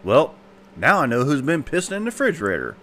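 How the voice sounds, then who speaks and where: A man's voice: fairly high pitch, huge pitch swings, fast, a bit bright, a little hiss or hum, pitched above the performer's own voice, heavily acted. A man voicing a blunt, foul-mouthed old grandmother in a raised voice. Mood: salty.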